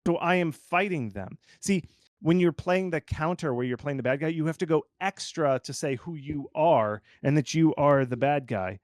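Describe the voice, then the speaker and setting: Animated man giving marketing advice, dry sound. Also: a little high, moderate pace, no room sound. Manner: animated and informal, lots of fillers like "like". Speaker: game marketing consultant. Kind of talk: conversational expert commentary.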